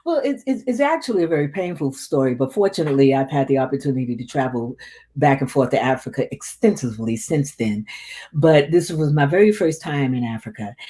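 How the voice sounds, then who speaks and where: With a low, mellow voice, this woman tells an interviewer about something painful from her life. She speaks with feeling, frequently repeating words as the memory comes back to her.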